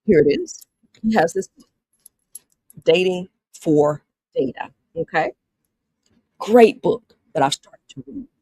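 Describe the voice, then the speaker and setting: Speaking slowly with long pauses, this woman sounds very animated, warm, and husky, her voice on the lower side. She's a livestream host with a Southern US accent doing a live-streamed dating talk, reading out viewer comments and talking straight to them, repeating herself a lot. It's a low-quality recording with no room sound.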